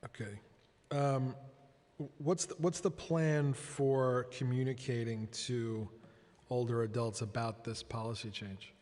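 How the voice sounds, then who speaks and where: A man's voice: mid-range voice, steady tone, takes it slowly, a little mellow. A man questioning officials at a budget hearing, pointed and pressing. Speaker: council member questioning officials. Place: large council chamber. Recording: long chamber reverb.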